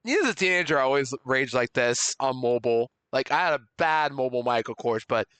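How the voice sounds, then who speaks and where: A young man streaming a game live, chatting with viewers and loudly overreacting to surprises. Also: medium pitch, animated, quick pace, clean tone, no echo.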